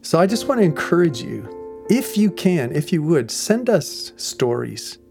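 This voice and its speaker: A man, a pastor, telling a lively story to his listeners, acting out the voices of the people in it and laughing often. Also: on the high side, a little slow, creaky, faint music behind. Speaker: pastor of a ministry. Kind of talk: storytelling ministry message.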